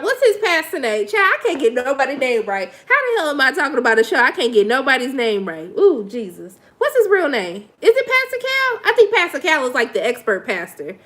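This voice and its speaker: High, lively woman dishing on reality TV. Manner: sassy, blunt, talks straight to viewers. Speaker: reality TV commentator. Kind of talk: casual live commentary.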